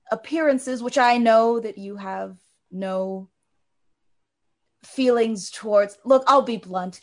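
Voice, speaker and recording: A woman's voice: medium pitch, creaky. A woman voicing a formal, impatient noble magister who speaks bluntly.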